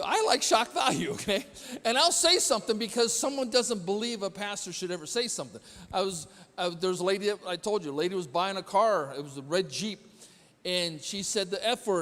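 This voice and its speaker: High-voiced chatty pastor in a reverberant church. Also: male voice, a bit bright. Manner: chatty, quizzes the congregation, self-deprecating humor. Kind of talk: conversational sermon storytelling. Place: church sanctuary. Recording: long hall reverb in a church.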